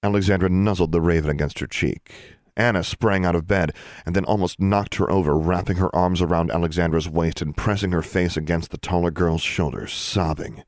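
Deep-voiced male audiobook narrator. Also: steady tone, brisk, hardly any pauses, no room sound, studio quality. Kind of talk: scripted narration.

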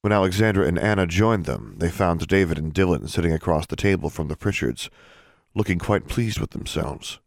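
A man reading a novel aloud as a narrator, even and unhurried. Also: low-pitched, vocal fry, dry recording, clean studio sound. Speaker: audiobook narrator. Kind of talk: scripted narration.

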